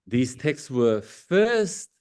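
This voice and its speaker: A man with a non-native English accent leading a parish Bible study, reading scripture aloud, with many pauses, fillers and self-corrections. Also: mid-range voice, very animated, a little mellow, smooth. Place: parish meeting room.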